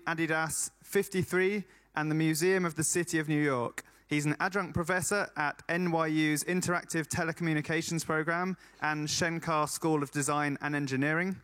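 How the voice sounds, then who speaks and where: A man with a fairly high voice introduces the next speaker from a conference stage. He reads through a short bio with some fillers and then asks the audience for applause. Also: a bit bright. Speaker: event presenter.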